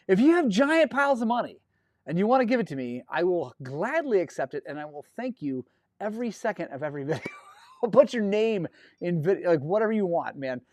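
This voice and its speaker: Guy rambling on a live stream, keeps thanking chat, kinda high voice, dry close mic. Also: no room sound. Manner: rambling, effusive, thanks viewers often. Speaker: host of a dirt bike live stream.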